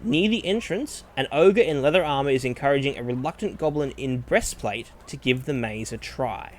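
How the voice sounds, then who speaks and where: A man running a tabletop game, narrating the scene descriptively and often pausing with ums. His voice sits at a middle pitch, with faint noise in the background. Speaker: game master.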